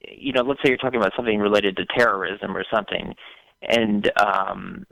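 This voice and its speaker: A man calling in to a talk show, speaking in a halting way and repeating words as he works through his thoughts. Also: fairly low pitch, steady tone, creaky, fairly bright tone, no room sound, poor audio. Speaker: caller. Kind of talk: call-in conversation.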